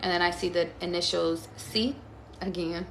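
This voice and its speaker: A woman's voice: on the low side, fairly even intonation, normal speed, a bit bright. Woman, tarot reader, casual live chat, emphatic, swears freely, echoey room, faint hiss. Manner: chatty, emphatic, swearing freely, addresses viewers by name.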